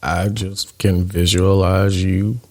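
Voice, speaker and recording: A man's voice: low-pitched, flat delivery, slow pace. A man co-hosting a podcast with his wife, making short, dry teasing remarks. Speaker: podcast co-host, her husband. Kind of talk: casual chat.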